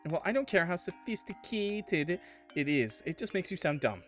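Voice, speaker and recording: Casting: man playing a mean-tongued bratty young woman, lively mocking voice, game dub. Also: high-pitched, normal speed, faint music behind, voice pushed up. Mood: snide. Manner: snide, mocking, blunt. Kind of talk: game voice acting.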